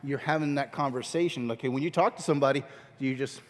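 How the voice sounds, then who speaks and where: A man's voice: medium pitch, fast talker. A man teaching a skit class in a church hall, talking casually, joking, and often restarting sentences. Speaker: drama teacher. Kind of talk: casual workshop instruction. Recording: long reverb of a large hall.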